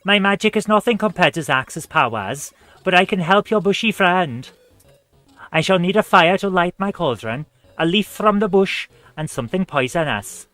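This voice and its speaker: A man's voice: high-pitched, lively intonation, moderate pace, a bit bright, no echo, soft background music, voice pushed up. A man voicing a kindly, worried good witch woman in a video game, speaking in a pleading, sing-song way. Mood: helpful.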